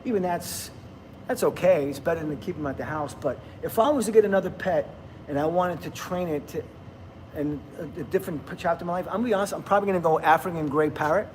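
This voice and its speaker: A man's voice: a little high, fast, a little mellow, slight background noise. A middle-aged man, hosting a casual livestream, chatting, laughing and reading viewer comments aloud. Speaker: livestream host.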